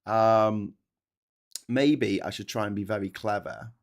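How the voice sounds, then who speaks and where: A man's voice: on the low side, slow. A man hosting a solo livestream, chatting in a digressive, jokey way, full of restarts and trailing asides. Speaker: livestream host. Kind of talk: rambling solo livestream chat.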